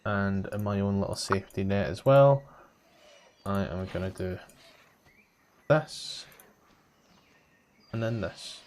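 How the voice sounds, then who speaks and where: A man's voice: low voice, normal speed, a little mellow, a little hiss or hum. A man serving as dungeon master, narrating a tabletop game and explaining the scene plainly. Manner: explains things plainly, with occasional fillers.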